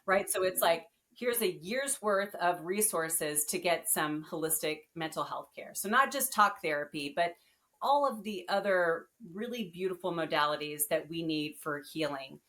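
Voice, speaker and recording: A woman guest on a podcast, telling her story in a casual, animated and earnest way. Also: on the low side, moderate pace.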